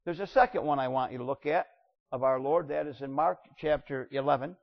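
A man's voice: mid-range voice, brisk, creaky. A man preaching a sermon, reading scripture and then pressing his point with rising bursts of emphasis. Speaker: pastor. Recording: dull roomy church recording.

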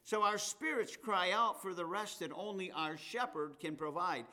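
A man preaching a sermon as pastor, reading scripture slowly and turning to chatty asides with his congregation. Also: sits high, pushed and bright.

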